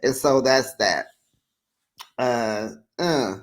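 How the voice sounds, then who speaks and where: A chatty recap host sits down with viewers to talk over a reality TV episode. The voice sits at a middling pitch but swings up playfully when reacting, and every opinion comes out frank and friendly. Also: very slow. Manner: talks straight to viewers as "besties".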